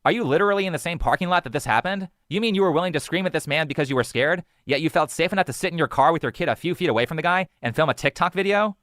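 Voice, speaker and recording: Guy reading a commentary script, quick and skeptical, dry close sound. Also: fairly high pitch, fairly bright tone, no echo. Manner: argumentative, skeptical, lecturing. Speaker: commentary video narrator.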